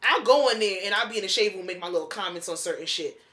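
Woman, blunt and cussing a lot, bright sharp voice, just chatting. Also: medium pitch, expressive, fast. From North Jersey, USA. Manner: blunt, profane storytelling. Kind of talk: casual chat.

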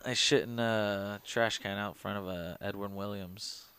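A man in his thirties co-hosting a podcast, telling crude stories in a dry, deadpan way and swearing casually. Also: fairly low pitch, measured pace, smooth, dry recording. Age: 30s. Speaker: podcast co-host.

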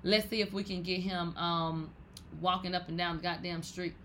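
A woman from Texas, hosting a podcast with animated, profane commentary and loud exclamations. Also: on the low side, normal speed, a little hiss or hum. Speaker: podcast host. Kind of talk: casual commentary.

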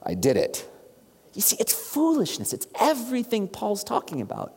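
A preacher delivering an animated sermon, asking the congregation questions directly. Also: mid-range voice, moderate pace, slight background noise. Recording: long hall reverb.

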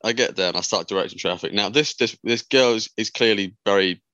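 A man with a lowish, forceful, edgy voice spins a rambling, sweary anecdote on a podcast. He keeps slipping into impressions of the people in his story. The sound is close and completely dry. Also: brisk, no room sound, dull audio. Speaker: podcast co-host. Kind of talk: casual storytelling chat.

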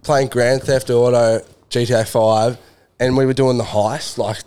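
Young bloke telling a story. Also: male voice, medium pitch, level tone, a little slow, a little mellow, clear, resonant tone. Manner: laughing, swearing storyteller. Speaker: podcast co-host. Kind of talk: casual chat, storytelling.

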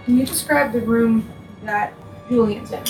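A woman narrating a tabletop role-playing game as game master in a calm, steady way. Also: a little high, a little slow. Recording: echoey, distant, music behind.

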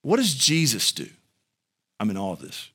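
A man preaching a sermon as pastor, speaking to the congregation in a conversational way and building to loud, high-pitched emphasis. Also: huge pitch swings, normal speed, breathy edge. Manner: conversational, addresses the congregation directly.

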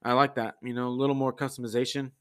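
A man's voice: medium pitch, little pitch movement, quick pace, fairly bright tone, clear, resonant tone. A man hosting his own podcast, chatting loosely and rambling a bit, with many fillers and restarts. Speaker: podcast host. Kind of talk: casual solo podcast chat.

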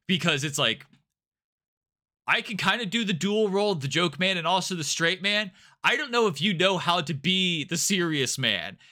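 A man's voice: sits high, animated, moderate pace, pushed and bright. A man co-hosting a podcast in casual chat, explaining plans at length with plenty of fillers. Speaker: podcast co-host.

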